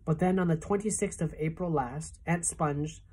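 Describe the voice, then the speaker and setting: A woman voicing a prim, chatty female spider in a storybook reading, with a husky voice and gossipy telling. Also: low voice, normal speed, dark tone.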